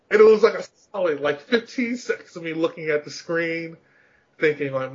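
A man's voice: fairly high pitch, animated, moderate pace, slight background noise. Rambling, laughing man telling stories. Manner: laughs often, rambling, self-mocking. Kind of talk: casual storytelling chat about gaming rage. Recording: dull, slightly lo-fi sound.

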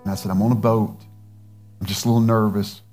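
A man's voice: on the low side, little pitch movement, quick pace, darkish tone, soft background music. A male pastor, telling a personal story in a sermon and acting out the dialogue. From United States.

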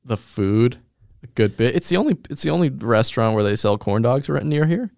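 A young man with a gravelly, creaky voice co-hosts a comedy podcast. He rambles casually and slips in absurd jokes with a deadpan delivery. The sound is close and dry. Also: medium pitch, brisk, no room sound. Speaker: podcast co-host.

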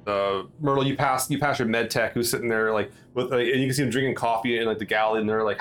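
Brief: male game master, mid-pitched, rambling, faint music behind. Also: steady tone, fast, few pauses, a bit bright. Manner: rambling, full of fillers and restarts. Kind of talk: narrating a tabletop game.

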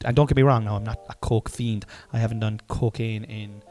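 A man's voice: lowish voice, fairly even intonation, brisk, mellow, soft background music. A man in his forties musing aloud in a casual, rambling monologue, self-mocking and swearing freely. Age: 40s.

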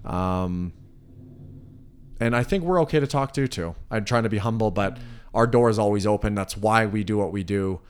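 A podcast host speaks in a low voice, earnest and reflective. He rambles through his thoughts with fillers and restarts, in casual conversation. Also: normal speed, clear, resonant tone.

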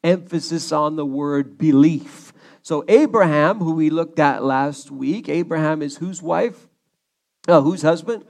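Male pastor, sermon delivery, measured and unhurried, gravelly edge, playful asides. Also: on the high side. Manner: animated, joking preacher who acts out quotes. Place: church, streamed online.

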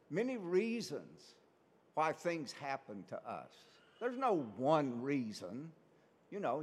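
A man's voice: medium pitch, big-room sound. A man, a priest, giving a conversational sermon full of rhetorical questions.

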